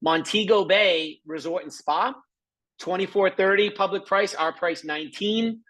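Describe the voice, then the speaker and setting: A middle-aged man giving an excited, chatty sales presentation over a live screen share, with lots of asides to viewers. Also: high voice, unhurried. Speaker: presenter of a travel membership.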